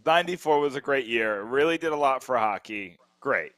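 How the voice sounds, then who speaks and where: A man co-hosting a podcast, ranting in an animated, heated way. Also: medium pitch, brisk, no echo. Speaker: podcast co-host. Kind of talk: casual sports chat.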